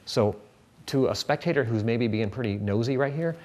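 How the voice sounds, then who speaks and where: A man's voice: medium pitch, normal speed, darkish tone. A man teaching a card trick in a casual tutorial, chatting as he handles the cards.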